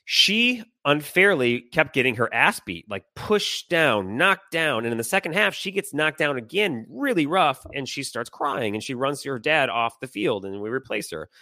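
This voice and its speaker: A middle-aged man telling a heated personal story on a podcast, animated and swearing, acting out the people he quotes. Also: medium pitch, moderate pace, few pauses, dry recording, clean studio sound. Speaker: podcast co-host. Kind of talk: casual storytelling chat.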